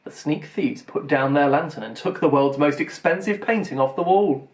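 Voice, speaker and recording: A man reading a children's storybook aloud in an expressive, lively way. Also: fairly high pitch, normal speed. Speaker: audiobook reader. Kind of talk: children's audiobook narration.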